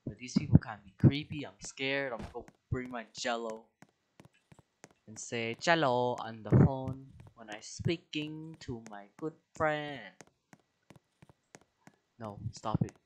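A young man giving casual let's play commentary, excitable, with dramatic outbursts, squeals and slang. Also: medium pitch, takes it slowly, long pauses, slight background noise, rough recording. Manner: slang-heavy casual talk. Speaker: gaming video creator.

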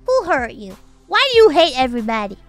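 A woman's voice: high voice, big pitch swings, a little fast, faint music behind. A woman streamer in a casual livestream rant, exasperated and swearing, firing off incredulous rhetorical questions.

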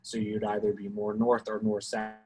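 Husky Alabama man explaining navigation. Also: lowish voice, monotone, normal speed, warm tone, faint music behind, low-quality recording. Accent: Alabama Southern US. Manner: explanatory, self-hedging, talks through steps. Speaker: Coast Guard guest expert. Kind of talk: informal technical Q&A talk.

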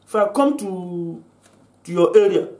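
A man's voice: sits high, animated, measured pace, mellow. An older man from Africa delivering an angry vlog rant, accusing and full of repeated restarts. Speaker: vlogger. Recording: roomy echo.

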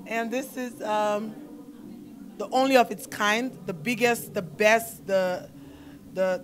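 A woman from Nigeria speaks effusively at her own boutique party, doubling back on her words as she goes. Her voice is mid-pitched and rings in an echoey room. Heavy background noise presses in behind her. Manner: emotional, effusive, repeats words when thanking. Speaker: boutique owner. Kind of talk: casual speech to camera and guests.

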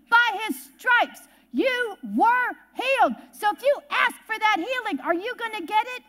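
A woman's voice: very high voice, sharp tone. A woman preacher delivering a sermon at a church service, emphatic and folksy, telling stories and repeating key words for weight.

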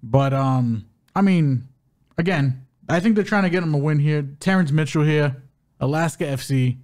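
A man's voice: a little high, moderate pace. A man co-hosting a podcast, chatting casually and loosely, with plenty of slang. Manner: loose, animated, uses slang. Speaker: co-host. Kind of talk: casual betting podcast chat.

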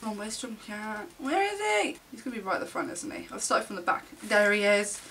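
A young woman vlogger gushing and gasping with excitement as she unboxes albums on camera. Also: medium pitch, normal speed, recorded from a distance, a little hiss or hum.

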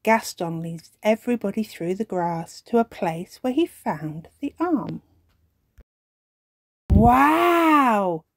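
Lady reading a kids story, slow and sing-song, dry close sound. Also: fairly low pitch, dry recording. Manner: slow, expressive storybook narration. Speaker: storytime reader.

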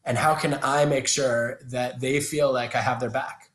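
A man's voice: medium pitch, little pitch movement, moderate pace, fairly bright tone, roomy sound. A man in his thirties giving thoughtful, explanatory answers as an interview guest, with frequent restarts, over a video call. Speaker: guest, organizational psychologist.

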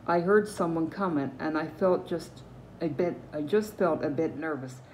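A woman's voice: sits low, normal speed, darkish tone, slight background noise, lightly acted, rough recording. A woman with a Newfoundland accent reading the lines of a brave teenage girl detective, firm and defiant.

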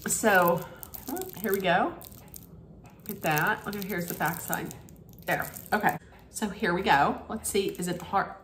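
Slow, chatty woman in a roomy space. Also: mid-range voice, fairly bright tone, slight background noise. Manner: chatty, candid, thinks aloud while tasting. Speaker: snack unboxing vlogger. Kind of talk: casual unboxing and taste-testing vlog. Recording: roomy echo.

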